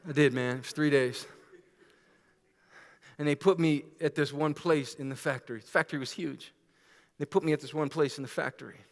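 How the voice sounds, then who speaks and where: A man preaching a sermon as pastor, dropping to hushed, intimate lines and rising into loud, laughing storytelling. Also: on the high side, steady tone, brisk, pauses often, long reverb tail. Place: church sanctuary.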